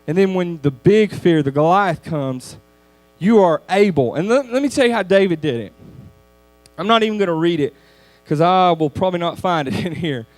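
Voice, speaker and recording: A man giving a youth sermon lesson, in a conversational, animated storytelling manner. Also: sits high, moderate pace, no echo. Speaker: youth speaker.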